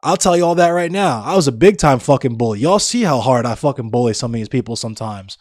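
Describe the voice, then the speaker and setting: A man's voice: mid-range voice, expressive, fast, a little mellow, dry recording, studio quality. A young man livestreaming, chatting casually with viewers in a blunt, profane, ranting way. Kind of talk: casual chat with live viewers.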